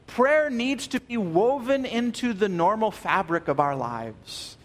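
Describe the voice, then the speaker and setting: A pastor preaching a sermon, earnest and emphatic, repeating key phrases and dropping soft at the ends of phrases. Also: male voice, high voice, animated, a little slow.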